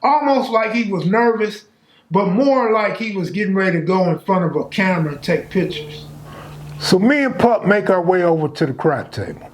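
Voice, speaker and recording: A man with a high-pitched voice recounting a true story from his past, talking loose and conversational with plenty of street slang. His delivery is relaxed and unscripted, like he's telling it to friends.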